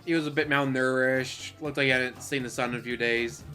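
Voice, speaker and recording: A man's voice: mid-range voice, fairly even intonation, fairly quick, sharp tone. A man ranting casually on a live stream, swearing a lot, laughing often and mocking the people he talks about. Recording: faint music behind.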